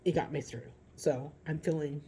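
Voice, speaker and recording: A woman giving a casual, heartfelt vlog update from home about caring for her father, talking haltingly with many restarts, teary at times. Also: low voice, steady tone, dark tone, a little hiss or hum.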